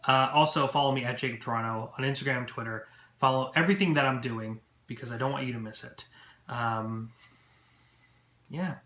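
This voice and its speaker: A chatty, excitable man talks straight to his viewers in a loose, filler-heavy recap. His voice is bright and forceful. The room around him rings with echo. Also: mid-range voice, a little fast. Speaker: movie vlogger. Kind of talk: casual event recap to camera. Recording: echoey room.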